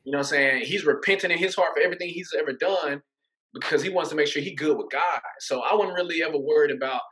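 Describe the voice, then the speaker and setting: A man, an interview guest giving a casual faith testimony as an animated storyteller who acts out voices and laughs often. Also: a little high, fast, poor audio. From Atlanta, USA.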